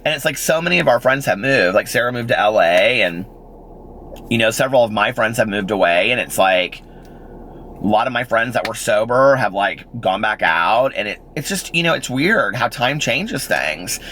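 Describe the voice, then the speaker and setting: A man's voice: medium pitch, animated, moderate pace, bright, forceful tone, a little hiss or hum. A man in his forties telling a rambling personal story in a casual vlog, full of fillers and little laughs. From Indiana, United States. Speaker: vlogger.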